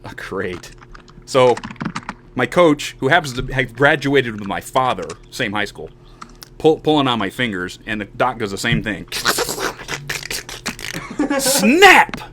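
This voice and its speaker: A man in his forties tells a long story on his podcast with a lively voice that swings up and down in pitch. He acts out each person in the tale. A faint noise sits under his streamed webcam audio. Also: normal speed. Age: 40s. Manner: animated storyteller who acts out quoted voices. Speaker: show host.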